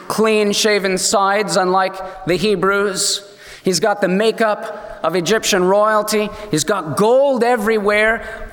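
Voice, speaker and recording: A man preaching a sermon, telling a story with animated delivery and briefly acting out the voices of the people in it. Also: high voice. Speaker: pastor. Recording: long hall reverb.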